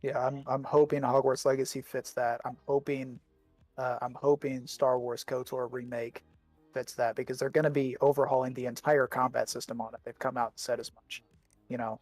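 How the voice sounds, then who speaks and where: A man in casual podcast chat, circling his points and repeating words as he goes, with the hiccups. His pitch sits mid-range and the recording is dry, with faint music underneath. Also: level tone, moderate pace, darkish tone, dry recording. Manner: rambling, repeats words while thinking. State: has the hiccups. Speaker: podcast co-host.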